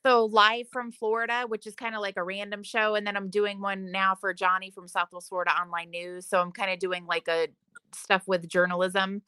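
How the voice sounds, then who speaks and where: A woman's voice: mid-range voice, little pitch movement, moderate pace, pushed and bright, clear, resonant tone, dry recording. A woman hosting a podcast, chatting casually in an emphatic, eager way. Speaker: podcast host. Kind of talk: casual chat.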